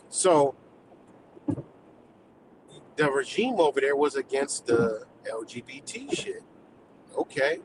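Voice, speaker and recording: A man's voice: a little high, noisy background. Heated, profane man ranting. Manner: heated, profane, rambling rant. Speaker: live streamer. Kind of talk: live rant stream.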